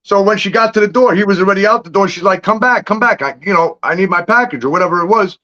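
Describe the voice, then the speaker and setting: A man's voice: high voice, rapid-fire, lo-fi sound. A man telling street stories in casual livestream chat, swearing freely and laughing between lines. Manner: profane, animated storytelling with laughs. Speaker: livestream guest.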